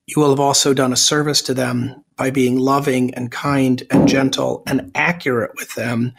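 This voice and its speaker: A man, a Lutheran pastor, answering radio interview questions in an earnest, plain-spoken way and explaining with examples. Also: mid-range voice.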